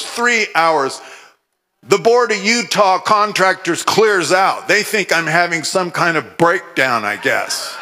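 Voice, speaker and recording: A man from Oregon giving a humorous, animated testimony sermon, with scripture recited fervently. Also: high-pitched. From Oregon, USA. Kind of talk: storytelling sermon.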